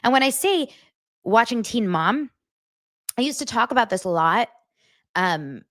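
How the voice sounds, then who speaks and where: A middle-aged woman talks through celebrity gossip in a loose, chatty way. Her pitch swings widely as she goes. She now and then slips into exaggerated voices to act out what others said. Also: unhurried. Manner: chatty, animated, acts out quotes in exaggerated voices. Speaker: gossip show host. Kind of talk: casual chat.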